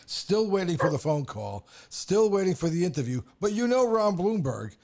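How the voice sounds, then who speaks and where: Male podcast host, gravelly, slightly high-pitched, rambling and jokey sports banter. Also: very animated, normal speed, a little mellow. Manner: rambling, jokey, trails off and restarts. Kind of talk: casual sports chat.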